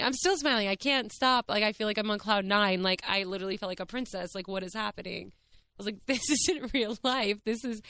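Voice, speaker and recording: A young woman, hosting her podcast and gushing excitedly about a date in a casual, "like"-filled story. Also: on the high side. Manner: gushing, excited, peppered with "like" and "what is happening". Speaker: podcast host.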